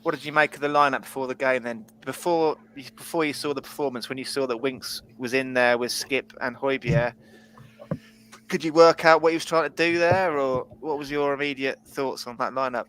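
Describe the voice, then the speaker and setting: A man hosting a casual football podcast, blunt and sweary, quick to laugh. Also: medium pitch, a bit bright, a little hiss or hum, poor audio. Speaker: podcast host. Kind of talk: casual chat.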